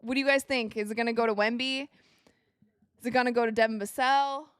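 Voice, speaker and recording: A young woman hosting a live basketball watch party, calling plays excitedly and talking to her viewers. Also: a little high, fast talker, smooth, no room sound, studio quality. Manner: excitable, reacts loudly to plays, talks to viewers as you guys. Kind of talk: live game commentary to chat.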